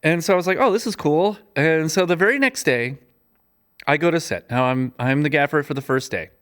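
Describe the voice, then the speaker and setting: A man telling a work story in casual chat, lively, with many fillers, acting out the people he quotes with big jumps in pitch. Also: brisk, clean tone. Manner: chatty, many fillers and restarts. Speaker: podcast guest, gaffer and cinematographer.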